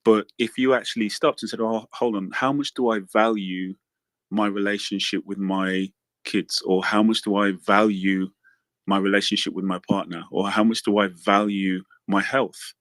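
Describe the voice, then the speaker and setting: Earnest English man with a low voice. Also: fairly even intonation, normal speed, a bit bright, no echo. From England. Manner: earnest, thoughtful, restarts often. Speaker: guest caller. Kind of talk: casual chat.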